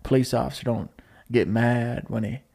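A man voicing a laid-back male movie-star mentor in a comedy podcast bit, speaking in a low, hushed drawl and giving preachy, philosophical advice. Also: fairly even intonation, moderate pace, gravelly.

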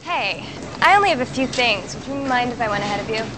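A woman's voice: a little high, animated, fast, background noise, natural voice. An actress as a breezy young woman. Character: confident young woman shopper.

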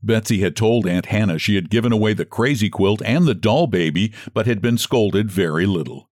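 A man narrating a children's story aloud in an expressive reading. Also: on the low side, normal speed, dry recording, clean studio sound.

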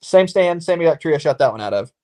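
A man in casual podcast chat, telling a long story in a rambling, lively way and acting out the exchanges he quotes. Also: a little high, fast.

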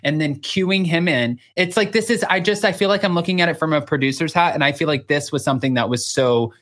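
A podcast co-host in casual chat, animated and gossipy, acting out what others said. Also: medium pitch, quick pace. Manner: animated, gossipy, acts out quoted voices.

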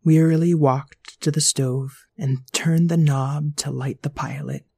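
Brief: playful narrator for a kids' story, expressive reading. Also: mid-range voice, unhurried, breathy edge, dry recording, clean studio sound. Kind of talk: scripted children's story narration.

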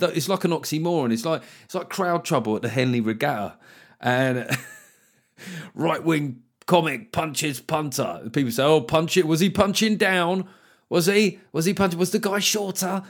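A middle-aged man, a comedian hosting his own podcast. He chats casually, swears freely and acts out other people's voices as he tells a story. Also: medium pitch. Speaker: podcast host and stand-up comedian. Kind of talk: casual solo podcast monologue.

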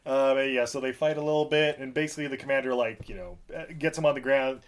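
A young man casually recapping a movie for a podcast, joking and laughing, slipping into quick character voices. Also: mid-range voice.

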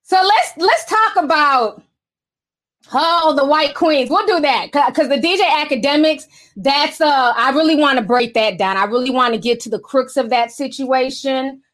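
A woman's voice: high-pitched, moderate pace, a bit bright. A woman hosting a sassy livestream commentary, laughing often and talking straight to her viewers. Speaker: commentary streamer.

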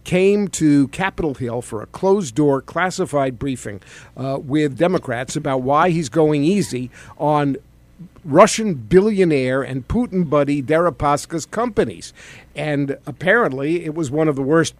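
Middle-aged man, political talk host, sardonic chatty delivery, slightly high voice, dry close sound. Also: lively intonation, normal speed, dry recording. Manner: sardonic, conversational, with fillers. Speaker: talk show host, former congressman. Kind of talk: political commentary show.

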